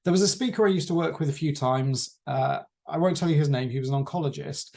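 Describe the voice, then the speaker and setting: A man teaching a class on presentation skills, lecturing in a measured way with deliberate pauses. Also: on the high side, gravelly, a little mellow.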